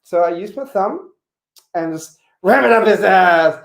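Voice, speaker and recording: A man's voice: high-pitched, animated, measured pace, vocal fry. A man in his forties doing a campy, chatty stand-up comedy set online, peppering his talk with "you know". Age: 40s. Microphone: home webcam mic.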